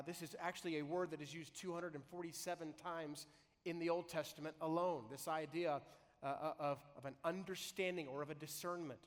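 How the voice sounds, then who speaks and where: Male pastor preaching in a reverberant hall. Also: on the high side. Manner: conversational preaching, slows to read scripture. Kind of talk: sermon. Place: large church hall.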